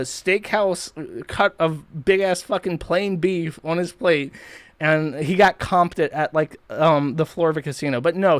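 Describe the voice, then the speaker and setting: A man's voice: on the high side, no echo. A man hosting a livestream, ranting in a profane, mocking, rambling way. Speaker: streamer host. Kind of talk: livestream commentary rant.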